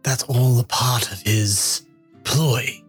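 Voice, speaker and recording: A man playing a tabletop game in character, calm and a bit hesitant. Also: medium pitch, slow pace, slightly rough, soft background music. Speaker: player.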